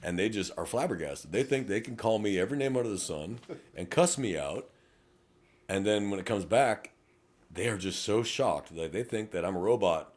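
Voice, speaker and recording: A man's voice: deep voice, fairly quick. A middle-aged man, a police officer co-hosting a podcast, telling stories in a blunt, profane way. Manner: blunt, profane, animated storytelling. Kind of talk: casual podcast chat.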